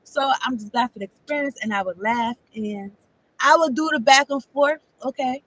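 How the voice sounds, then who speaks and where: Woman tarot reader, high voice, rambling casual monologue, frequent profanity, laughs often. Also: moderate pace, a bit bright, no room sound, rough recording.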